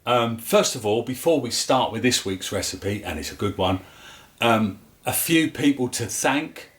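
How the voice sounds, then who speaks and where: A man's voice: mid-range voice, expressive, unhurried, a bit bright. A man with a London accent hosting a casual home cooking vlog, chatty and jokey. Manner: chatty and jokey, with filler words. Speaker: cooking show host.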